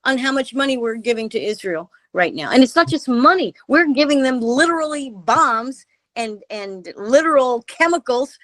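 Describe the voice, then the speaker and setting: A woman's voice: high voice, animated, moderate pace, fairly bright tone, dry recording. A woman guest giving impassioned political commentary on a radio interview, speaking over a remote call with emphatic rhetorical questions. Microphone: remote call audio.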